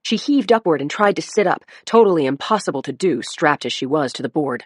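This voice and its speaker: A woman's voice: low voice, expressive, brisk, hardly any pauses, husky, no room sound. A woman reading a crime audiobook in a dramatic narration style. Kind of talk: scripted narration.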